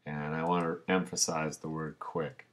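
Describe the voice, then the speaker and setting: A man, a teacher, narrating a screencast tutorial in a relaxed way, talking through each step as he clicks. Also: very deep voice, normal speed.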